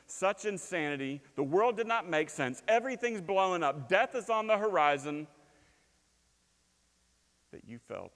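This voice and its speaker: A man in his thirties preaching a sermon in a church, telling stories with lively swings from loud bursts to hushed lines. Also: on the high side. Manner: animated storytelling, shouting quoted lines, dropping to quiet. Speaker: pastor. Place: church sanctuary. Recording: long hall reverb.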